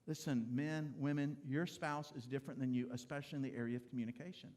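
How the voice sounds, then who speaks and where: A man's voice: medium pitch, fairly even intonation, quick pace, darkish tone. A middle-aged man, a pastor, giving a conversational, humorous sermon in a church and speaking straight to the congregation. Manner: conversational, humorous preaching addressing the congregation directly. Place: church sanctuary.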